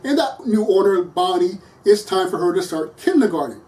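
A movie reviewer talking through a film in a casual, earnest way, often laughing mid-sentence and pausing on fillers while thinking aloud. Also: medium pitch, expressive, dark tone, recorded from a distance, rough recording. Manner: chatty and earnest, laughs often between words.

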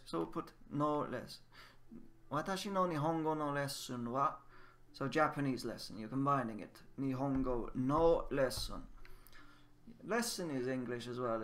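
A man teaching Japanese words slowly and repeating each one for learners over a game video. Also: medium pitch, sharp tone. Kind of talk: casual game-based lesson.

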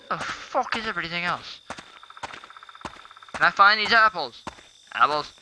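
A man's voice: sits high, animated, unhurried, long pauses, noisy background. A man giving jumpy, profane let's-play commentary, talking back to the game as he plays. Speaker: gaming YouTuber.

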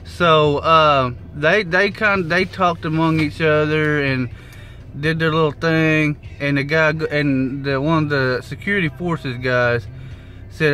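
A man telling a rideshare story in a casual vlog, animated and swearing freely as he acts out the quotes. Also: fairly high pitch, measured pace, faint music behind. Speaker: rideshare driver vlogger.

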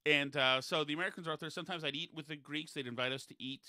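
A man with a bright, forceful voice tells loose, wandering stories in a relaxed podcast chat. He is recorded close and dry, with no room sound. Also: a little high, racing, dry recording. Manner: digressive, chatty anecdote-telling.

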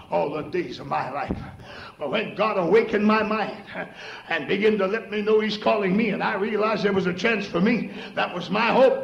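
Middle-aged male preacher, very high and gravelly, fervent sermon delivery, echoey old church recording. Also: highs cut off. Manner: fervent, rising to shouts and dropping low. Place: church sanctuary.

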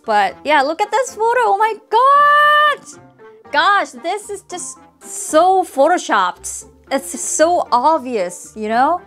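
Korean woman vlogging, slow and kinda high, laughs and scoffs a lot, faint music behind. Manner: exclamatory, laughing, mocking commentary. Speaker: YouTuber. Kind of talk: casual vlog reaction.

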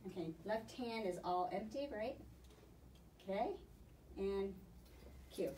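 A woman dog trainer gives quick, upbeat instructions during a hands-on session. Her voice sounds a little distant and echoes around the room. A faint hiss sits underneath. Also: medium pitch, dark tone. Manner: brisk, encouraging instruction. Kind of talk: hands-on coaching.

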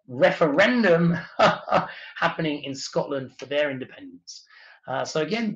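Chatty English man, lo-fi sound. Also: mid-range voice. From England. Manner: chatty and explanatory, with filler uhs. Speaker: tour leader. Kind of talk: webinar talk on travel. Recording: dull lo-fi sound.

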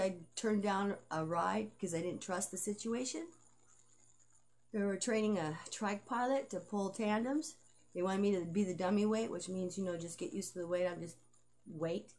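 A woman's voice: medium pitch, a little mellow. A middle-aged woman vlogging in a rambling, casual monologue, swearing freely and laughing often. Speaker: vlogger and aspiring author.

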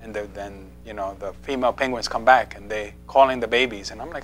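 A man's voice: lowish voice, fairly even intonation, fast, slight background noise. A man giving a conversational sermon in a church, playful, asking the congregation questions and laughing often. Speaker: preacher. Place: church sanctuary.

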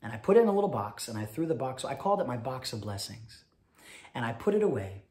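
Fast-talking man chatting between songs. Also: medium pitch, sing-song. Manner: chatty, rapid, warm storytelling with fillers. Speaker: cabaret singer. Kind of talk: stage patter between songs. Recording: roomy sound over loud piano.

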